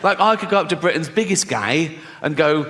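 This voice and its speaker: A man's voice: on the high side, expressive, brisk, a bit bright, long reverb tail, a little hiss or hum. A man doing a stand-up comedy routine, provocative and laughing at his own jokes.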